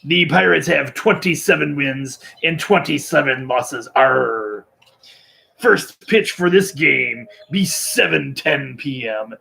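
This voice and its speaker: A man's voice: medium pitch, expressive, slow, vocal fry, sharp tone, exaggerated voice. A man hamming up a growling pirate sports host. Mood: playful. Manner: growls "arr" between sentences. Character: jokey male pirate talk.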